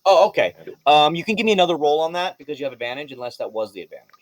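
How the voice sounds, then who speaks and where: A man's voice: fairly high pitch, expressive, rapid-fire, no room sound. A man running a tabletop game as game master, rambling with many restarts and frequent laughs.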